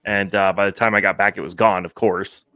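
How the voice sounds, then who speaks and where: A man's voice: low-pitched, steady tone, a little fast, bright, forceful tone. A man hosting a casual podcast conversation in an easygoing way, laughing along. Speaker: podcast host. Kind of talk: casual chat.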